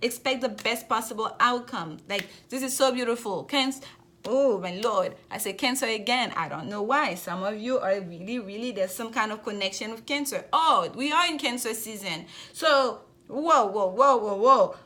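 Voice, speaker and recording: A woman's voice: on the high side, normal speed, a bit bright. A woman giving a general tarot reading to camera as the host, talking effusively and repeating her phrases often. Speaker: tarot reader.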